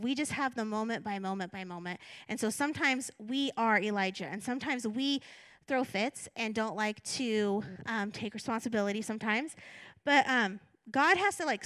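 A woman's voice: fairly high pitch, a bit bright, dry recording. A woman pastor giving a conversational sermon, reading scripture and acting out her own thoughts with self-deprecating asides.

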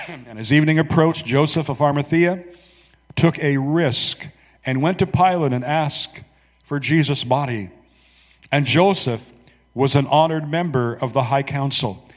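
Man reading scripture in a reverberant hall. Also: mid-range voice. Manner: dramatic, slow emphatic reading with soft asides to the congregation. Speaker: preacher.

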